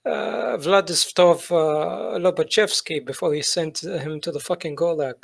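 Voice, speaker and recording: A man's voice: fairly high pitch, a little slow, gravelly. A man co-hosting a podcast, chatting casually with crude, sarcastic humor and lots of filler. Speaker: podcast co-host. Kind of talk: casual chat.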